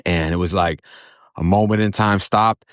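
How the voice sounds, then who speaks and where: A man from Florida with a very low voice tells his story in blunt, profane, streetwise talk. The sound is dry and close, with no room around it. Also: fairly even intonation, moderate pace, no room sound. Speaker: storyteller recounting his own past. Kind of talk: casual spoken storytelling.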